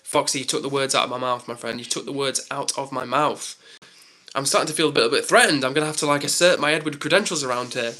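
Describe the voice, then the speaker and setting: A man's voice: medium pitch, fast talker, bright, forceful tone. A young man on a live stream, chatting casually and reading out comments with lots of "like" and "um".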